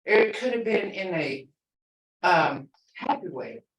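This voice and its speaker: A woman's voice: fairly low pitch, big pitch swings, slow pace. Older woman teaching, echoey and distant. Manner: repetitive, explains patiently, laughs often. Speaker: language instructor. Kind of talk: teaching an online language class. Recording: echoey room, far from the mic.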